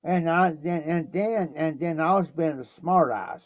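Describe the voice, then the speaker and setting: Speaking a little slowly in a slightly high voice, an Ohio livestream host rambles through a story full of repeated "I said" and "he says." The dull, lo-fi stream audio has no room sound.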